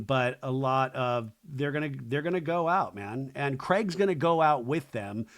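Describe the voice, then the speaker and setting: Animated sarcastic man riffing solo. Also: medium pitch. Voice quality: animated, sarcastic, swears freely, mocks people in exaggerated quoted voices. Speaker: podcast host recapping a reality show. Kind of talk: casual solo recap commentary.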